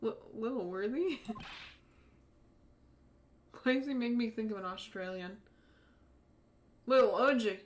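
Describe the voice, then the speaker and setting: A young woman with a slightly high voice speaks a little slowly with frequent pauses as she plays a story game. Streaming a let's-play, she reads dialogue aloud, giggles often and gushes playfully over the characters.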